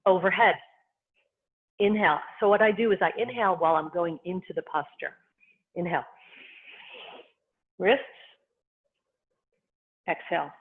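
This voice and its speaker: A qigong instructor guiding movement and breathing, giving calm, unhurried cues in short phrases. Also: medium pitch. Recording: tinny phone-like sound.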